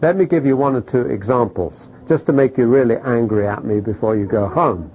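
A middle-aged man preaching a sermon, animated, throwing rhetorical questions at the congregation and checking in with "okay?". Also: mid-range voice, a little fast, a little hiss or hum, low-quality recording.

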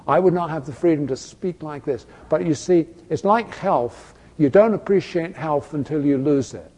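A man's voice: mid-range voice, warm tone. A man preaching a sermon in a church. He talks emphatically, fires off rhetorical questions, and keeps saying "you see". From Britain. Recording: echoey hall, long reverb.

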